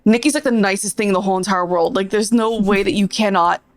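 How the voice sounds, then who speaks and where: A young woman, a podcast co-host, chatting casually and warmly, laughing often. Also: mid-range voice, fast talker, no room sound. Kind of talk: casual chat.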